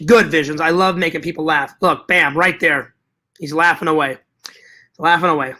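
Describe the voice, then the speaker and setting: A man's voice: on the high side, steady tone, normal speed, pushed and bright. A man hosting a casual livestream chat, reading viewer comments aloud and rambling, repeating himself and swearing freely.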